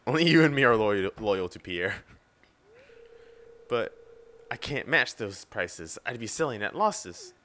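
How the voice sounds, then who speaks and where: A man voicing an indignant male village shopkeeper, speaking slowly and theatrically in an aggrieved tone. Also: on the low side, expressive, fairly bright tone, slight background noise. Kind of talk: reading game dialogue aloud.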